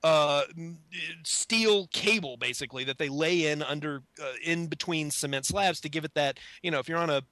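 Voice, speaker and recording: Bright-voiced man telling a self-mocking story. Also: a little high, moderate pace, few pauses, no echo. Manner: self-mocking, animated, acts out his own shocked voice. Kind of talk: casual anecdote.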